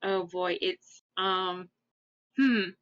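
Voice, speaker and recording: A woman's voice: lowish voice, steady tone, drawn-out words, a bit bright. A woman narrating as game master, describing scenes thoughtfully with frequent fillers, on dull lo-fi audio.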